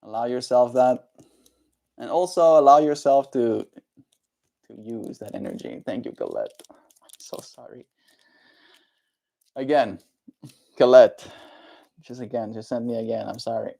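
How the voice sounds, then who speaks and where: A man chatting casually on a livestream, reading viewer comments and speaking to viewers in a gentle, encouraging way. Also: mid-range voice, creaky.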